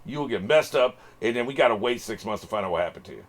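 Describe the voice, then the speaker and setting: A man's voice: mid-range voice, lively intonation, fast. A man hosting a solo podcast, rambling through casual talk and swearing freely. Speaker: podcast host.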